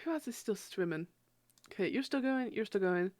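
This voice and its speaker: A woman's voice: medium pitch, animated, moderate pace, a little mellow, dry recording, clean studio sound. A young adult woman streaming a game from a room at home, chatting with viewers in a bubbly, gushing, giggly way. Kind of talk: casual livestream chat and reading a game aloud.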